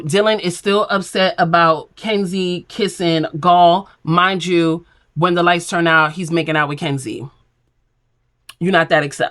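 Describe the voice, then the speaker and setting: A woman's voice: on the low side, fairly bright tone. A woman recapping a reality show in casual chat, blunt and opinionated, acting out what the cast said. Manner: blunt, sassy, opinionated, acts out quotes.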